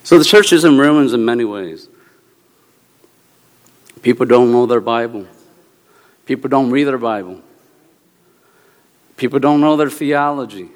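Animated minister in an echoing hall. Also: male voice, mid-range voice, a little slow, long pauses. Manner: animated storytelling with bursts of exclamation and laughter. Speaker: Presbyterian minister. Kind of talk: humorous sermon talk. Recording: long reverb of a large hall.

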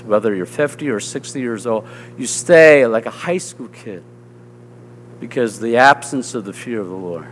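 A man's voice: on the low side, expressive, normal speed, long reverb tail, slight background noise. A man with a Southern US accent preaching a sermon as pastor, earnest and conversational, often checking in with his listeners.

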